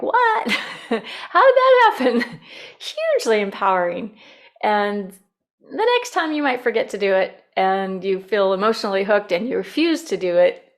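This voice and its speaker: A woman's voice: mid-range voice, creaky. A woman presenting a workshop in a casual, demonstrative way, acting out sample phrases as she teaches. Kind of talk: instructional workshop talk.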